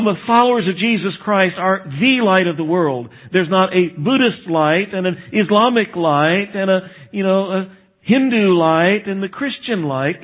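A man from Texas, a pastor, preaching a sermon in a conversational way and slowing down to stress key phrases. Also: sits high. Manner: conversational preaching, slows for emphasis. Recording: phone-like narrow band.

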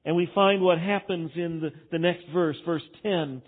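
A man preaching a verse-by-verse sermon, emphatic and swinging between loud bursts and quiet asides. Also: fairly high pitch, steady tone, normal speed, hardly any pauses. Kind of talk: expository sermon. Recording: tinny phone-like sound.

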